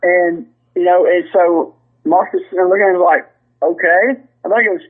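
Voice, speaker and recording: A man with a Southern US accent, telling a long rambling story as a podcast guest, full of restarts and animated quoting. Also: sits high, moderate pace. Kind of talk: casual storytelling. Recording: tinny phone line.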